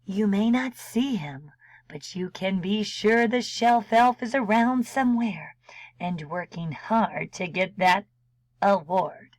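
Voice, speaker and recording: A woman librarian reads a picture book aloud at a slow, careful pace, middle-pitched and expressive. She slips into gentle whispers for quiet moments. The sound is dry and close, with no room around it. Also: no echo, low-quality recording. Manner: slow, expressive reading with soft whispered asides. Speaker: children's librarian. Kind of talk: storybook read-aloud.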